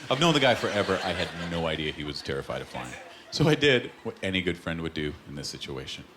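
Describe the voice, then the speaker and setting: A Canadian man doing a stand-up comedy set on a club stage, telling stories with deadpan punchlines. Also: low-pitched, fast, slight background noise. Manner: lively, deadpan punchlines, acted-out quotes. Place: comedy club stage before a live audience. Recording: live club recording with loud crowd. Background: loud audience laughter.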